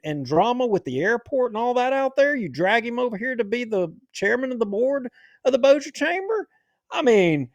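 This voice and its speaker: Guy ranting on his talk show, high voice that swings all over, super dry close sound. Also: no echo. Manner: ranting, indignant. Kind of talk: heated political commentary.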